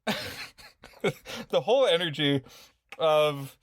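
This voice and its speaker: A man's voice: on the high side, very animated, slow pace, no room sound, clean studio sound. A man co-hosting a podcast, casually discussing a movie in an easygoing way, often laughing as he talks. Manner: easygoing, laughs while talking. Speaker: podcast co-host.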